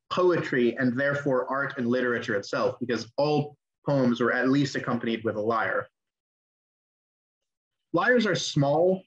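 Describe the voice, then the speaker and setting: A young man lectures an online class in a relaxed, chatty way, often pausing on ums and restarting his sentences. His voice sits at an ordinary middle pitch. The call audio is slightly dull and lo-fi. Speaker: class teacher.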